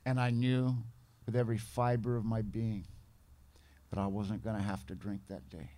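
A man's voice: fairly low pitch, little pitch movement, moderate pace, warm tone. A man giving his personal testimony at a recovery meeting, earnest and folksy in his manner.

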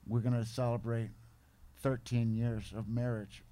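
Middle-aged man, recovery meeting speaker, casual slangy testimony, mid-pitched voice, acts out others' lines. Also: flat delivery, unhurried, warm tone. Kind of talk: personal testimony storytelling.

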